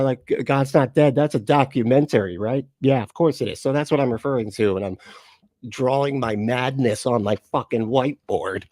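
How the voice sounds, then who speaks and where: A man's voice: mid-range voice, darkish tone, no echo, studio quality. A man hosting a casual livestream. He swears a lot, laughs often and talks straight to his viewers. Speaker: host.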